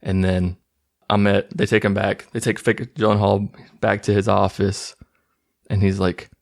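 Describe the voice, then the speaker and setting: A man with a lowish, gravelly voice talks through a movie's plot in a casual, sarcastic way. He sounds incredulous and amused as he mocks the story. The fry in his voice gives it a rough texture. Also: flat delivery, unhurried. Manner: mocking, incredulous, loose. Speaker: movie recap host.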